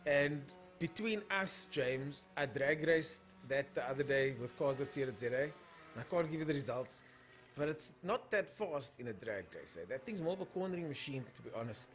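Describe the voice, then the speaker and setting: Expressive and fairly bright in tone, his medium-pitched voice moves at a normal speed while soft music plays behind him. He is a young South African man casually live-streaming drag races, calling them and chatting about viewer comments.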